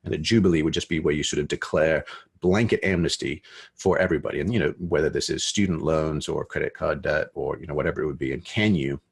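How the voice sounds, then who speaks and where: Deep gravelly man, casual explainer. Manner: loose, conversational, frequent fillers and swearing. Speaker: speaker on economics and sensemaking. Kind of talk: informal talk to an online audience.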